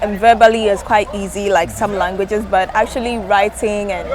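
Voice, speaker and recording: A woman's voice: mid-range voice, fairly even intonation, normal speed, crowd noise. A young woman with a Ghanaian English accent, chatting casually and self-mockingly as an interview guest, recorded outdoors by a road.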